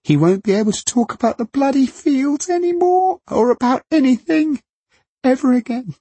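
A man's voice: extremely high pitch, animated, normal speed, warm tone, husky, no room sound, voice pushed up, full character voice. A man voicing a grieving widow whose voice cracks into a screech.

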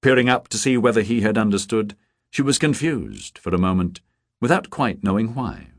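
Male audiobook narrator, low voice, expressive, dry studio sound. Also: moderate pace, no echo. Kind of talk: scripted narration.

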